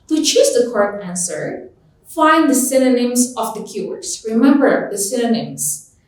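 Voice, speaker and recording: A woman, a native Indonesian speaker, teaching an English test lesson, slowly repeating example words with clear stress. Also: fairly high pitch, lively intonation. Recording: echoey room, voice far from mic.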